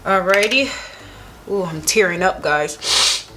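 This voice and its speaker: A woman's voice: medium pitch, slow, bright, forceful tone, slight background noise. Gushing young woman doing a makeup tutorial. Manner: gushing, enthusiastic, talks while applying makeup. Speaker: beauty vlogger.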